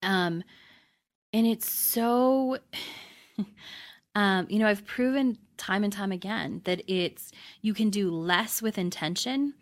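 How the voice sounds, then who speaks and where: A woman's voice: medium pitch, slow. A middle-aged woman hosting a podcast, explaining manifesting in a casual, conversational way, often checking in with "right?" and restarting her sentences. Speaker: podcast host and manifesting coach. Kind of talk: casual teaching monologue.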